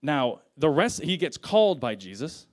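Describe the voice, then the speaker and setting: A man's voice: on the high side, very animated, normal speed. A young man preaching a sermon in a casual, conversational way, retelling scripture in everyday slang.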